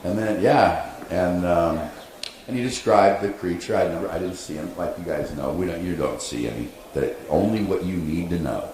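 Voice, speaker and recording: A man telling an animated story on a convention panel, quoting people and laughing along. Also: sits low, normal speed. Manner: animated anecdote with laughs and acted-out quotes. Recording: echoey convention hall, faint noise.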